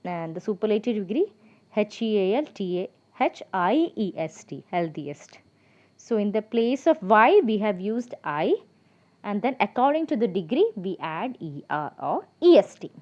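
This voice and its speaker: A woman with a mid-pitched voice teaches a grammar lesson, patient and methodical. She spells words out one letter at a time and pauses with small fillers. The recording sounds a little dull and lo-fi. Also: very animated, a little mellow. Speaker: English teacher.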